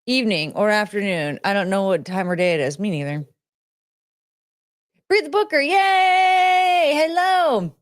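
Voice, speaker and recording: A woman streamer in casual chat, greeting viewers by name and rambling with giggles, fillers and restarts, jumping between high excited greetings and low mumbled asides. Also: unhurried, no echo, clean studio sound. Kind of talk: casual chat reading out chat names.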